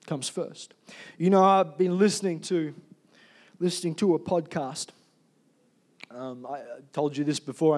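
A male pastor preaching a sermon, swinging from loud emphatic calls to soft, quiet storytelling. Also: a little high.

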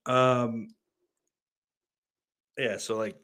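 A man's voice: mid-range voice, flat delivery, drawn-out words, fairly bright tone, no room sound. A man in his thirties hosting a podcast in a casual, rambling monologue, swearing often and full of fillers. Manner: profane, rambling, heavy on fillers. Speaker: podcast host.

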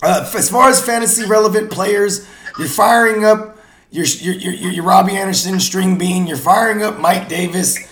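A man hosting a casual sports podcast, animated and slangy, swearing freely and talking himself into little comic bits. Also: high voice, moderate pace, echoey room, a little hiss or hum. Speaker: podcast host.

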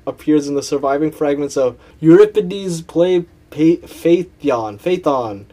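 Teasing young man with a mellow voice. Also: a little high, animated, unhurried. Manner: teasing, laughs often, stumbles over words while reading aloud. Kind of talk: casual chat.

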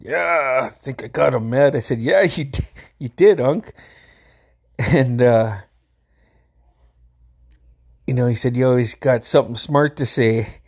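A man's voice: medium pitch, brisk, a little mellow. A middle-aged man casually telling a family story, laid-back, swearing freely and laughing as he goes.

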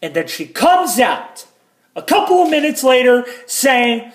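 A man's voice: extremely high pitch, very animated, unhurried. A man angrily retelling a family fight as a vlogger, swearing heavily. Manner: angry, heavily profane retelling. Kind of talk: personal storytelling.

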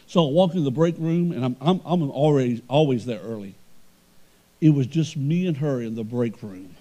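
A male pastor preaching a sermon, swinging between emphatic swells and quiet storytelling. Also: medium pitch, moderate pace.

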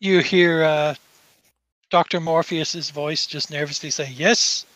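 A man runs a tabletop game, describing the scene in halting, filler-heavy narration. His voice is high and bright, with a sharp edge. The sound is dry and close, with no room around it. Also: steady tone, no echo, low-quality recording. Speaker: game master.

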